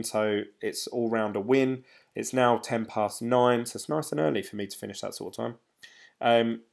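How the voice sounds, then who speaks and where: A chatty man hosting a livestream and answering viewer comments. His voice sits at an ordinary middle pitch, and he rambles loosely in a relaxed, informal way. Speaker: crypto livestream host. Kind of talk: casual livestream chat reading viewer comments.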